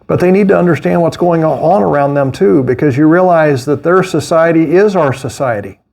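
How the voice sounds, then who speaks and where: A middle-aged man preaching a sermon as pastor, animated, with mocking asides and laughter. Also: fairly high pitch, normal speed, vocal fry.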